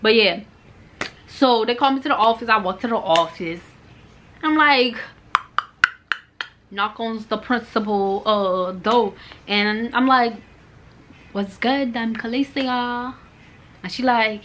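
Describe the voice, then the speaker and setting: A woman's voice: mid-range voice, unhurried, a little hiss or hum. A young woman telling a storytime vlog, acting out dialogue in casual, slangy speech with profanity. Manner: animated retelling, acting out dialogue. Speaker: vlogger.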